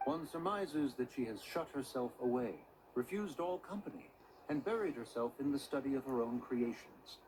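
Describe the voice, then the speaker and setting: A man voicing an aloof ancient beast adept who speaks in measured, archaic, formal sentences, in game dialogue. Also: mid-range voice, animated, background noise, natural voice. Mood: grave.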